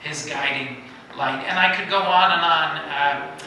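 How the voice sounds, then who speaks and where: Middle-aged male guest speaker, animated anecdotes, bright tone, heard from a distance in a roomy hall. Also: a little high, unhurried. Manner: animated anecdotal storytelling with lively quoted voices. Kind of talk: storytelling talk. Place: synagogue hall. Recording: echoey hall, distant mic, faint noise.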